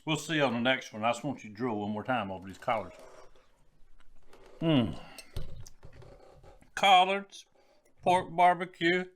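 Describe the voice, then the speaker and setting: A man's voice: on the low side, very fast, few pauses, fairly bright tone, slight background noise. A man with a Southern US accent, hosting a casual cooking vlog in a folksy way and calling his viewers y'all. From Southern United States. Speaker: cooking vlogger.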